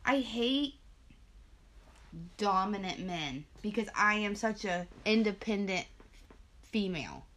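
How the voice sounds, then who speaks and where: A young woman co-hosting a casual chat show, telling stories in an animated, profane way. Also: medium pitch, slow pace, pauses often. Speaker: podcast co-host.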